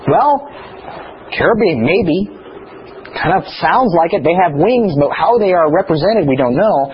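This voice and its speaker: A man teaching scripture in a chatty, animated way, telling stories between points. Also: high-pitched, measured pace, muffled recording, a little hiss or hum. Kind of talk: bible teaching.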